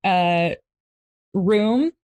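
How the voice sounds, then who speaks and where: A middle-aged woman, a family therapist, explaining ideas calmly in a relaxed interview, pausing now and then on soft fillers. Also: medium pitch, clean tone, dry recording. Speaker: marriage and family therapist, guest. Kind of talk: casual interview talk.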